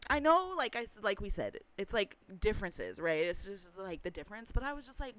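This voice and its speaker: A young woman chatting on a podcast with a bright, sharp tone and a voice that swings widely up and down. She tells her stories with animated energy and jumps into squealing high voices whenever she acts out what someone said. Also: a little fast, few pauses, no echo. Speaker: podcast co-host. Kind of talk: casual chat.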